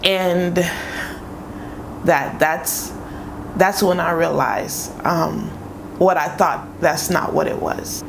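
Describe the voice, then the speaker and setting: A woman's voice: lowish voice, slow, gravelly, long pauses, noisy background. A woman in her thirties telling an emotional personal story to her vlog audience, acting out what people said. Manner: emotional, animated, acts out quoted voices. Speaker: vlogger.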